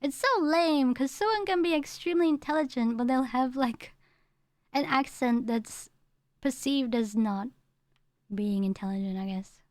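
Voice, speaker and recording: High-voiced chatty woman. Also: moderate pace, no echo, studio quality. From England. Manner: chatty, rambling, laughing, reacting to chat. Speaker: streamer. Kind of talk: casual stream chat.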